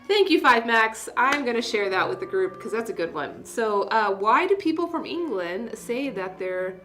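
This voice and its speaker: A woman's voice: medium pitch, lively intonation, normal speed, few pauses. Chatty woman hosting a tea livestream. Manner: chatty, self-deprecating, laughs at own jokes. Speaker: tea seller hosting a live stream. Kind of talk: casual livestream talk. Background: soft classical music.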